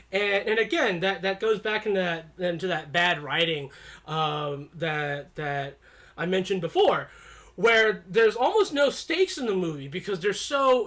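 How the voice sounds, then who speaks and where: A chatty reviewer talks through a film in a casual, offhand way. The speech rambles, with frequent restarts and repeated words. The voice sits at an ordinary middle pitch. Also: animated, moderate pace, a bit bright. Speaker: movie reviewer.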